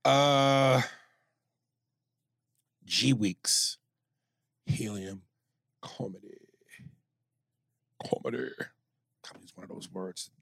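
A man's voice: on the low side, takes it slowly, pauses often, a bit bright, dry recording, studio quality. A man co-hosting a comedy podcast, joking crudely and reading listener emails aloud. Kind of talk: casual podcast chat.

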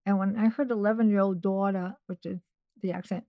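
A woman's voice: mid-range voice, steady tone, fairly quick, no room sound, phone-quality sound. A middle-aged woman, a podcast guest, telling a personal story in a chatty way with many asides and restarts. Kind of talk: casual storytelling.

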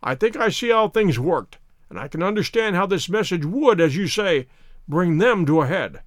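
A man voices a cold, masterful detective who gives clipped, authoritative orders. The voice sits fairly high for a man and is recorded dry and close. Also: lively intonation, normal speed, no room sound. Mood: cool. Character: cold, commanding male detective. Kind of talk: audiobook character reading.

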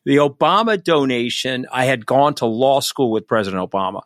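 A man's voice: mid-range voice, animated, fairly quick, no echo, studio quality. A man telling a candid, punchy anecdote in an interview. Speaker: guest storyteller.

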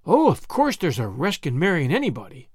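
A man's voice: on the high side, huge pitch swings, brisk, a little mellow, husky, dry recording, studio quality, exaggerated voice. A man voicing a gossipy, eager young female housemaid who chatters breathlessly in rustic grammar. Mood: excited.

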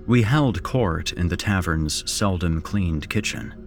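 A man narrating a horror story in a measured, dramatic storytelling manner, as host of a podcast. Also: sits low, expressive, faint music behind.

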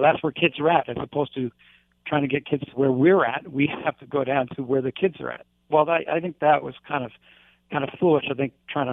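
A man's voice: mid-range voice, no echo, narrow, tinny audio. A male teacher talking earnestly in a casual interview, rambling with lots of fillers.

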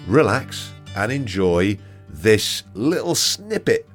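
A man's voice: on the low side, very animated, slow pace. A man reading a podcast introduction in a friendly, scripted way. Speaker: podcast host. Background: guitar music.

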